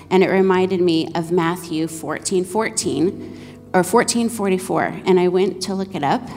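Woman, 30s, guest church speaker, halting prophetic word, lower voice, reverberant hall. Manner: halting, with many fillers and restarts. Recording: echoey church hall with soft music.

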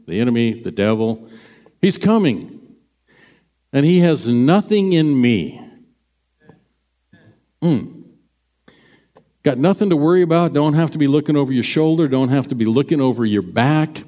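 A middle-aged male pastor tells stories from the pulpit in a chatty, conversational sermon. His voice sits at an ordinary pitch and now and then jumps up in sudden bursts of emphasis. A long reverb trails each phrase through the church sanctuary. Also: dark tone.

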